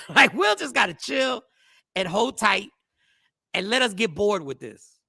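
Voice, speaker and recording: A man co-hosting a casual chat, telling stories with animation and bursts of shouting. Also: sits high, sing-song, unhurried, vocal fry, slightly rough, no room sound, clean studio sound. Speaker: podcast co-host.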